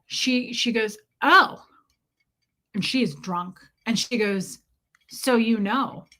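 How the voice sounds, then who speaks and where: Casting: bright-toned woman, profane animated storyteller chatting to viewers. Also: mid-range voice. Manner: profane, animated, quotes others in dialogue. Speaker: streamer telling her own story. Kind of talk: casual storytelling to a live chat.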